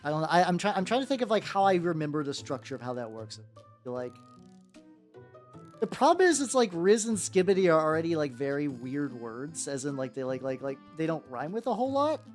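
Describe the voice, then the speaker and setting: A male streamer chats casually with his viewers while painting miniatures. His pitch leaps up and down as he rambles and repeats himself, and he swears now and then when excited. Faint music plays underneath. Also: brisk. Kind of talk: casual livestream chat. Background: faint background music.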